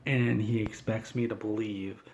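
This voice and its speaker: A man's voice: on the low side, little pitch movement, a little slow, darkish tone. A man doing an in-character comedy monologue, ranting in an indignant, whiny, self-important way.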